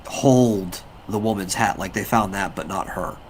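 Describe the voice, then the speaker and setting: Wry low-voiced man chiming in. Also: measured pace, a little hiss or hum. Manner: wry, offers suggestions. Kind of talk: casual live-stream chat.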